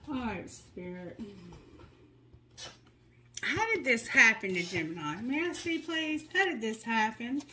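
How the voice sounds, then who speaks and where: A woman's voice: on the high side, pushed and bright, a little hiss or hum, low-quality recording. A woman giving a tarot reading, reading card messages aloud in a soothing, guiding way, with candid, joking asides. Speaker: tarot reader.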